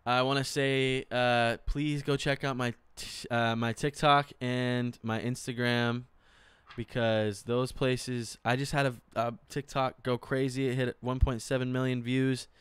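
A young man, a singer, chatting casually with viewers at the end of his live stream in a relaxed, thankful way. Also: medium pitch, unhurried, smooth, no echo.

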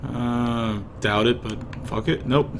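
A man's voice: medium pitch, steady tone, takes it slowly, gravelly, a little hiss or hum. A man giving profane, irritable gameplay commentary, mumbling to himself as he plays, into a desk mic. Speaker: let's play gamer.

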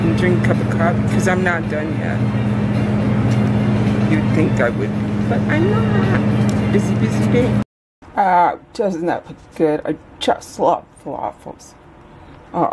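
Slow, low-voiced woman vlogging. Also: heavy background noise. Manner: rambling, self-deprecating, talks while running errands. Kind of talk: casual vlog chat. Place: out running errands, then at home.

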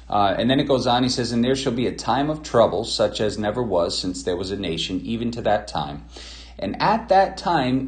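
Male commentator, low voice, mocking and rambling critique, roomy echo. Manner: mocking, sarcastic, rambling with fillers. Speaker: video commentator.

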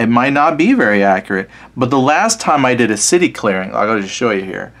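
A man hosting a casual solo board game playthrough, reading out scenario text and thinking aloud in a relaxed, self-deprecating way. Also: lowish voice. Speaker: board wargame player and channel host.

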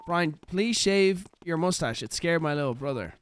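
Sick, hoarse man streaming a game. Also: fairly high pitch, lively intonation, moderate pace, a little hiss or hum. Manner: sarcastic, swears a lot. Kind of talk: casual gaming stream commentary.

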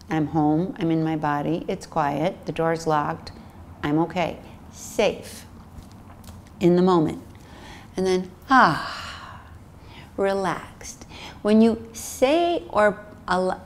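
A middle-aged woman teaching meditation, talking soothingly and demonstrating breaths and sighs aloud. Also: lowish voice. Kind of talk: guided meditation instruction.

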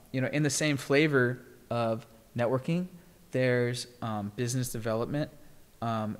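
A man hosting a podcast, talking in a loose, rambling way with many fillers and getting animated as he tells stories. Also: mid-range voice, clear, resonant tone, in a large hall. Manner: rambling, heavy filler words, animated when telling stories. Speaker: podcast host. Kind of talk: casual chat.

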